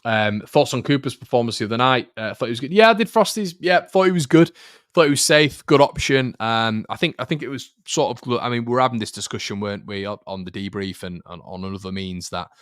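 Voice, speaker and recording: A man's voice: lowish voice, fairly bright tone, no echo, clean studio sound. A man hosting a fan channel live stream, chatting casually about football, repeating phrases and reading out viewer comments.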